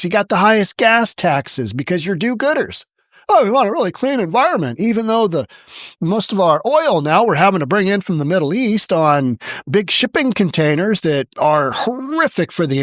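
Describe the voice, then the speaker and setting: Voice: mid-range voice, fairly bright tone, dry recording. Sarcastic political commentary host, dry sound. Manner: sarcastic, mocking; blunt, repetitive emphasis. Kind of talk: opinion commentary. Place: home in Washington State.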